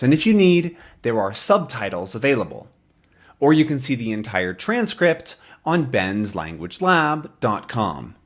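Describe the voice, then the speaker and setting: A man hosting a lesson, reading a comic with beginner English learners and explaining words slowly and plainly. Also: medium pitch. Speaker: English teacher, channel host.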